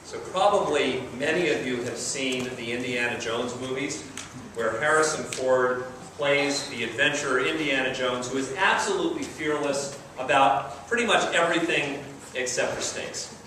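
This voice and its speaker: A man's voice: mid-range voice, moderate pace, bright, forceful tone, distant mic. A man preaching a sermon in a conversational, storytelling way. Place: large echoey church sanctuary. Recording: echoey church recording from afar, faint hiss.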